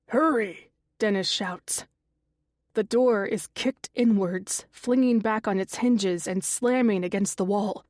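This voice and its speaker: A woman reading a first-person thriller audiobook in a slow, measured way, lifting her voice for quoted characters. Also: medium pitch, a little mellow, no echo, studio quality. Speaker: audiobook narrator. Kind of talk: scripted narration.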